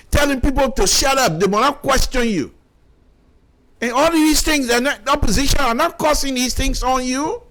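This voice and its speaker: On the radio, a middle-aged Liberian English-accented man delivers passionate political commentary in a very high, slightly bright voice. He keeps repeating himself and stammers through false starts.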